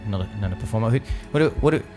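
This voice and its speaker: A man's voice: fairly low pitch, lively intonation, rapid-fire, darkish tone, faint music behind. A man doing a jittery stammering wanderer. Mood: nervous. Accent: British-sounding put-on. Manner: stammering, rambling. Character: nervous male human wanderer, chatty, timid.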